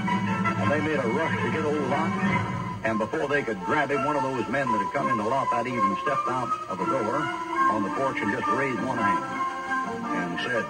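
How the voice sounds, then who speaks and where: A man's voice: mid-range voice, moderate pace, over loud music, low-quality recording. A man preacher retelling a Bible story in a colloquial, folksy sermon style.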